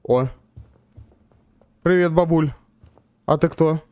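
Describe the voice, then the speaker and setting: A man commenting loosely on his gameplay, muttering remarks to himself in a slightly high voice. Faint game music plays underneath. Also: slow, darkish tone, clear, resonant tone, no echo. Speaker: let's-play gamer.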